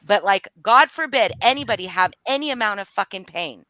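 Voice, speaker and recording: Woman, fired-up livestream confrontation, profane and heated, bright voice, dry close sound. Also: mid-range voice, expressive, a little fast, no echo. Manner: angry, profane, voice rising and falling. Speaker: livestream guest speaking out. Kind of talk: emotional live-stream confrontation.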